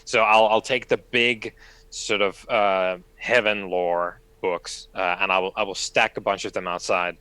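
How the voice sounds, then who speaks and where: A man playing a tabletop game, talking in a halting way with many fillers. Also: low-pitched, fairly even intonation, pushed and bright, clean tone, dry recording. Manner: hesitant, halting, full of fillers. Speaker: player.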